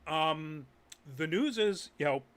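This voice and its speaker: A man's voice: fairly high pitch, animated, slow, fairly bright tone, clear, resonant tone. A man hosting a live nerd news show, chatting casually with many ums and uhs as he reads news and viewer comments. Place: Massachusetts.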